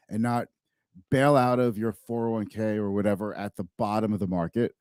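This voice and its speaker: A man's voice: medium pitch, dark tone, no room sound, studio quality. A man hosting a live-streamed finance talk show, speaking conversationally and emphatically, often repeating words.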